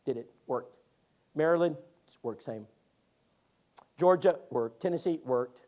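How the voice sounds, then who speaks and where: A man teaching a Bible class, telling stories in a folksy, animated way. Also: on the high side, a little slow. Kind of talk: lively classroom storytelling.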